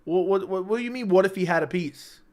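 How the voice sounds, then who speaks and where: A young man with a slightly high-pitched voice hosts a late-night livestream. He talks in loose, brash banter, swearing freely and joking with his chat. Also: fast talker, darkish tone. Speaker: livestream host.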